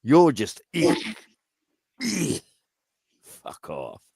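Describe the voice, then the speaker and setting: A man's voice: on the low side, wildly swooping pitch, drawn-out words, a little mellow, slightly rough, dry recording. A man in a profane, taunting rant, firing goading questions at someone. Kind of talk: angry rant.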